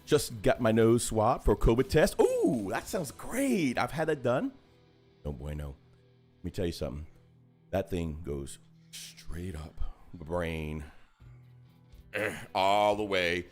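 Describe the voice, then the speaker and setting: A man hosts a loose, rambling livestream chat, his fairly low voice leaping up and down in lively swings. He speaks over a video call. Soft music plays faintly behind him. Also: a little slow, pauses often. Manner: rambling and chatty, animated swings in pitch. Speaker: host of a hobby livestream.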